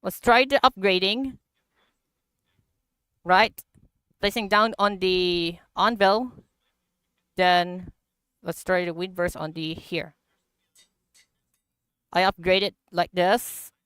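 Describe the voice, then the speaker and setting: A woman streaming a block-building game, talking through the update in slow, halting English with frequent laughter. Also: fairly low pitch, a bit bright, clear, resonant tone, dry recording. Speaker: gaming livestreamer. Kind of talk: casual game commentary.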